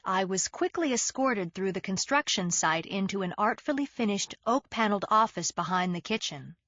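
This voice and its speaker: A woman narrates a mystery in the first person, with a wry, sardonic edge. Her voice sits at a middle pitch, recorded close and dry with a slightly muffled, lo-fi tone. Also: a bit bright, dry recording. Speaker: audiobook narrator.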